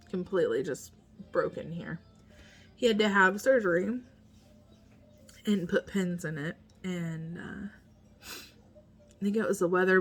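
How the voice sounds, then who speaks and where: A woman in her thirties telling a personal story as a mother, speaking softly with many pauses and restarts, at times near a whisper. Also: mid-range voice. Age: 30s. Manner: halting, soft-spoken, pauses and restarts, often near a whisper.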